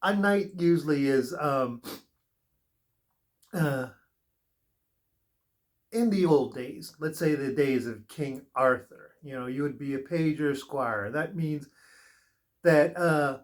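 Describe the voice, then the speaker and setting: A tarot reader with a somewhat high voice gives a spiritual reading slowly, pausing often. He is earnest and rambling, offering advice and drifting into personal stories.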